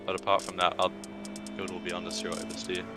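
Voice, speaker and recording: Young male driver, deep, low-key monotone, music behind. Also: rapid-fire. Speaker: sim racing driver, race winner. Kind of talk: post-race interview.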